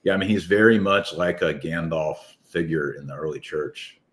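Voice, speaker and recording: Deep-voiced man, eager podcast guest. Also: normal speed. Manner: enthusiastic, rambling with restarts. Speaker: author guest. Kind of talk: casual podcast conversation.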